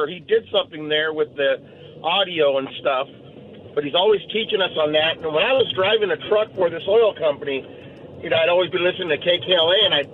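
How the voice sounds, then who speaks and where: A man calling in to a radio show, talking in an enthusiastic, nostalgic way. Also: sits high. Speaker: caller. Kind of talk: phone call to radio show. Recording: tinny phone line with faint noise.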